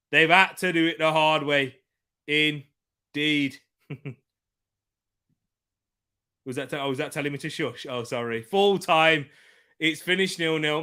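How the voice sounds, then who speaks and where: A man hosting a live football watchalong, excitable, laughing often and shouting out at near chances. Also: fairly high pitch, clear, resonant tone.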